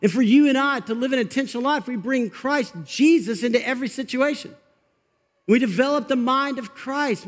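A male pastor giving an energetic, conversational sermon in church, getting fired up and laughing as he talks. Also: high voice. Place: church sanctuary. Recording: long reverb of a large hall.

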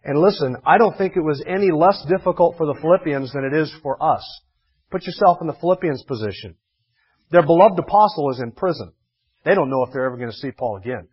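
A man's voice: on the high side, animated, a little fast, slightly rough, muffled recording. A man preaching a sermon as a pastor, in a conversational way with dry humor and emphatic repetition.

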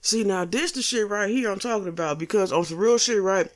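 A woman's voice: medium pitch, fairly quick. A woman hosting a casual solo podcast, blunt and profane, joking with slang and laughing at her own lines. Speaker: podcast host.

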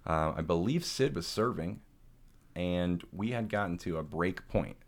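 A man's voice: low-pitched, animated, unhurried. A man co-hosting a casual chat, telling a long story with laughs, swearing and frequent restarts. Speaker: podcast co-host.

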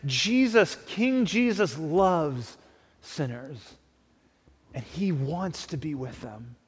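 A man's voice: on the high side, animated, takes it slowly, husky. Man preaching in an echoing hall. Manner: conversational preaching, acts out imagined dialogue. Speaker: pastor. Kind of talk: sermon. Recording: long hall reverb.

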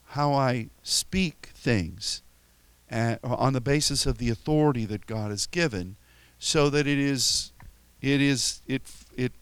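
Male pastor, middle pitch, casual sermon delivery, halting restarts, dry close recording. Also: a bit bright, clear, resonant tone, no room sound. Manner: conversational, halting with frequent restarts; tells stories with chuckles and playful quoted voices.

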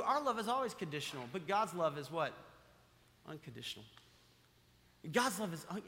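A man's voice: sits high, wildly swooping pitch, fairly quick, long pauses, bright, forceful tone. A man preaching a sermon as pastor, emphatic, repeating key phrases and putting questions to the congregation. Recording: long reverb of a large hall.

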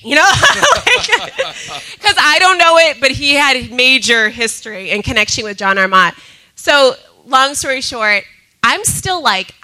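A woman sharing a personal testimony with a group, talking in an animated way and often breaking into laughter. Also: sits high, unhurried, rough recording. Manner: laughs often, excitable, repeats herself.

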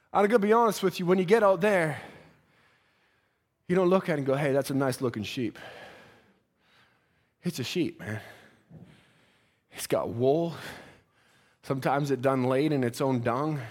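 A man preaching a folksy sermon in church, building from a conversational tone to fervent, near-shouted exhortation. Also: fairly high pitch.

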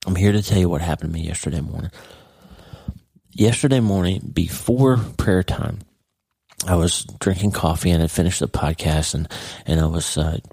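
Middle-aged guy with a really low voice doing a heartfelt podcast monologue, dry close sound. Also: moderate pace, gravelly, dark tone, breathy edge, no echo. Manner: earnest, heartfelt, speaks straight to the listener. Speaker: podcast host.

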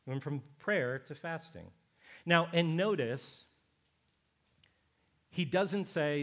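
A man's voice: fairly high pitch, very animated, slow pace, long pauses, fairly bright tone. Conversational man preaching a sermon. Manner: conversational preaching, emphatic and repetitive. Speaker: pastor.

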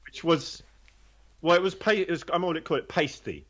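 A man's voice: fairly high pitch, normal speed, fairly bright tone, muffled recording. A man telling his own story in a candid, conversational way, blunt and swearing freely, rambling with restarts.

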